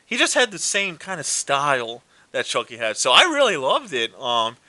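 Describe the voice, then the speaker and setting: A man co-hosting a casual movie chat, retelling plots with lively acted quotes and swearing. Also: a little high, moderate pace, no echo. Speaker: co-host.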